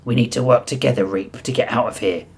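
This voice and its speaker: A man's voice: medium pitch, fast talker, slightly rough. A man reading the lines of a burly, impulsive crocodile-man adventurer in a direct, plain way. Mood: urgent.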